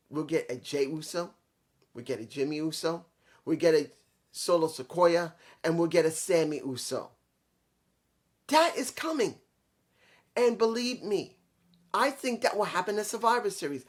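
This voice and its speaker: A young man giving a casual, excitable wrestling review, swearing freely and acting out quotes as he recaps scenes. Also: high-pitched.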